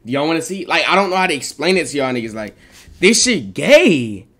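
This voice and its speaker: Excitable young man streamer, bright voice. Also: fairly high pitch, fairly quick. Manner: excitable, rambling, lots of repeated protests. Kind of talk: casual live-stream reaction.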